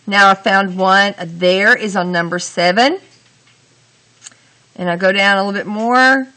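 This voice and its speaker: A woman teacher explaining grammar step by step, talking through each sentence deliberately and asking the class questions. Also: mid-range voice, bright, forceful tone. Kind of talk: grammar lesson.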